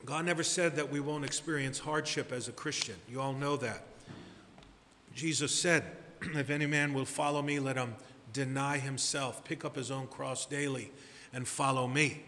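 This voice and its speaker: A man preaching a sermon as pastor, deliberate and emphatic, building to stressed repeated phrases. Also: medium pitch, fairly even intonation, bright, forceful tone, in a large hall.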